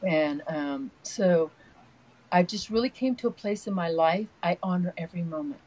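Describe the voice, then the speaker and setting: Poor audio captures an older woman with a lowish voice speaking at normal speed. She is an energy healer on a casual spiritual interview, earnest and soft-spoken, rambling through lengthy stories.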